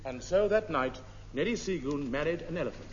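A man's voice: fairly high pitch, expressive, fairly quick. Mock-solemn male radio announcer. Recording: muffled old broadcast with hall echo, noise.

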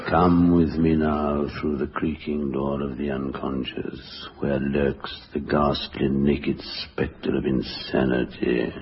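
An actor playing a sinister horror-show narrator in a radio comedy sketch, intoning slowly. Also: male voice, extremely low pitch, flat delivery, a crowd in the background, exaggerated voice. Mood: ominous. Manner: slow ominous intoning. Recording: dull old radio recording with noise.

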